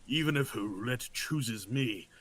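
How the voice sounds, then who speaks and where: A man's voice: medium pitch, animated, measured pace, a bit bright, a little hiss or hum, pitched below the performer's own voice. A man voicing a defiant old patriarch who is obsessed with magic and talks in grave, solemn declarations.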